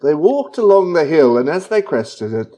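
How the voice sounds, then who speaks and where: A man's voice: a little high, big pitch swings, normal speed, mellow. A man co-hosting a casual book podcast, teasing his co-host in playful banter.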